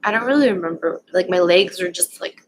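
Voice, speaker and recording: A young woman vlogger casually telling a personal story at home, rambling and halting with lots of fillers. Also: fairly low pitch, a little hiss or hum, rough recording.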